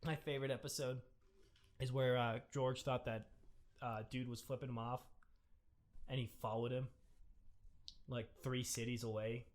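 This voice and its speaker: A young man co-hosting a podcast, telling rambling, excitable stories in casual chat and breaking into loud impressions. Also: medium pitch, normal speed, long pauses. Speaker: podcast co-host.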